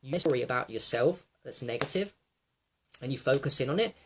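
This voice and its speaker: Man musing on fears, halting and emotional. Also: medium pitch, lively intonation, a little hiss or hum. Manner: reflective, halting, with many fillers and restarts; emotional, close to tears at times. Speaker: wellness vlogger. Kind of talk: raw personal monologue.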